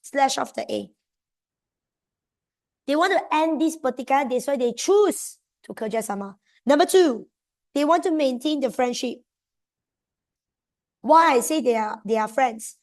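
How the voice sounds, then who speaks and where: Woman, Malaysian English accent, history tutor, animated, coaxing, slightly high voice. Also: unhurried, long pauses. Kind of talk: exam seminar lecture.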